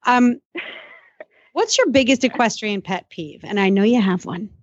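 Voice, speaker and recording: A woman's voice: medium pitch, normal speed, dry recording. A woman hosting an interview, asking questions in a bubbly, upbeat way. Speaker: podcast host. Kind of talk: casual interview. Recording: dull, lo-fi dry sound.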